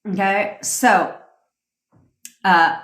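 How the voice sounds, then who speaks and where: A woman's voice: medium pitch, steady tone, drawn-out words, a bit bright. A woman manifestation coach ranting on a livestream, blunt and profane, cheering on viewer comments as she talks. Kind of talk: livestream rant. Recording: roomy echoey room.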